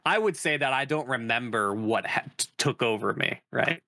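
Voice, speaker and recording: A man playing a tabletop game, talking casually and haltingly while thinking aloud. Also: medium pitch, lively intonation, gravelly, sharp tone, no echo, studio quality. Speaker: player. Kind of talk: casual chat.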